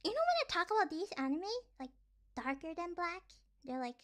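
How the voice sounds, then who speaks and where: A young woman streaming casually, rambling with lots of fillers and sometimes dropping into sighs and soft whispers. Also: very high-pitched, brisk. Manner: rambling, filler-heavy, animated ranting; drops to sighs and soft whispers between points. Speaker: vtuber streamer.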